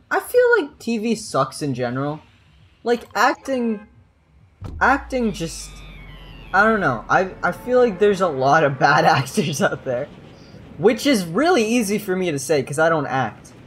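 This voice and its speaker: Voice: medium pitch, sing-song, measured pace, fairly bright tone, slight background noise. Young streamer rambling and cussing mid-game, voice jumps all over the place, laughs a lot. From New Jersey. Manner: rambling, profane, laughs often. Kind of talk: casual gaming stream chatter.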